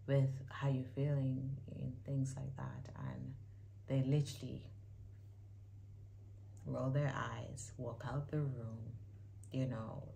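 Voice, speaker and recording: Low-voiced woman giving a candid reaction. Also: creaky, a little hiss or hum. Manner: candid, emphatic, drifts between loud bursts and soft asides. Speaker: YouTuber reacting to a clip. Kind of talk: casual reaction commentary.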